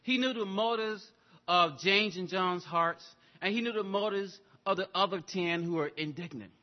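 A man preaching a sermon, telling a story and swinging between loud exclamations and hushed asides. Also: high-pitched, normal speed, muffled recording. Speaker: pastor.

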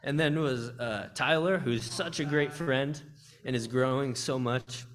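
A man's voice: medium pitch, unhurried, a bit bright. A young man giving a heartfelt church testimony and sermon, speaking earnestly with frequent restarts. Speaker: campus ministry speaker. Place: church service.

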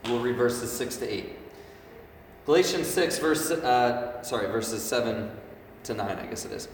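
A man's voice: mid-range voice, expressive, unhurried, a little hiss or hum. A man in his thirties giving a casual, conversational sermon to a youth group, often checking in with the room by asking "right?". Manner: conversational, asks the room frequent "right?" questions. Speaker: preacher. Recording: echoey hall, mic at a distance.

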